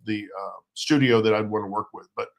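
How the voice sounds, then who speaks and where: A middle-aged man co-hosting a casual livestream, teasing and joking with halting fillers. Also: lowish voice, steady tone. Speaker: co-host, author's partner. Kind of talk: casual live chat.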